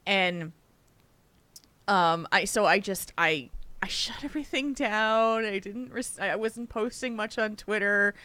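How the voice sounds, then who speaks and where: A woman's voice: mid-range voice, slow pace, sharp tone, no echo. A tired woman co-hosting a podcast, chatting casually, rambling and restarting her sentences with frequent laughs. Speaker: podcast co-host. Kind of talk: casual chat.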